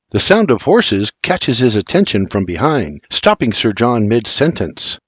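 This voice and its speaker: Older man, lively audiobook narration. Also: medium pitch, measured pace, few pauses, breathy edge, dry recording. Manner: storytelling, expressive.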